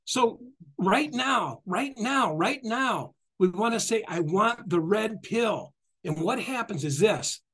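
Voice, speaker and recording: A middle-aged man with a notably high voice gives a passionate spiritual talk. He is animated and repetitive, acts out the quotes he tells and laughs often. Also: slow, breathy edge. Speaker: spiritual guest speaker.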